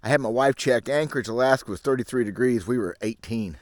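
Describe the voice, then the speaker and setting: A man's voice: medium pitch, fast, no echo. Grumbling folksy man, dry sound. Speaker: fishing channel host. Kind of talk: casual rambling monologue to camera. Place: outdoors in the woods. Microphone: camera mic.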